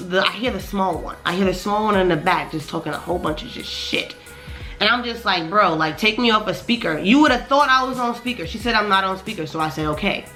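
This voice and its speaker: A woman vlogger tells a casual storytime about an annoying night, her voice sitting on the low side. She's slangy and animated, swears a lot, and keeps saying "you know what I'm saying."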